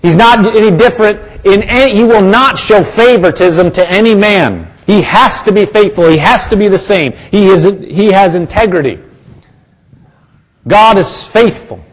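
Emphatic male preacher, slightly high voice. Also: normal speed. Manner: emphatic and repetitive, calls for congregation responses. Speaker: pastor. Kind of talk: sermon.

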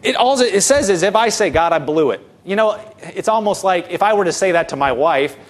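Middle-aged male pastor with a high voice, earnest and conversational, full of rhetorical questions. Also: fairly quick. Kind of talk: conversational sermon.

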